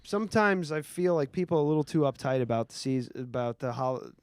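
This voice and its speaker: A man hosting a podcast, telling stories in a lively, swearing, laughing way. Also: mid-range voice, quick pace, clean tone, dry recording, clean studio sound. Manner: animated storyteller, swears, laughs often. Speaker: podcast host. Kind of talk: casual chat.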